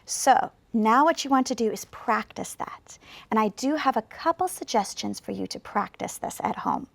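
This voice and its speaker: A woman with a high-pitched voice teaches English pronunciation in a video lesson, speaking slowly and clearly and pausing deliberately to demonstrate. There's no echo.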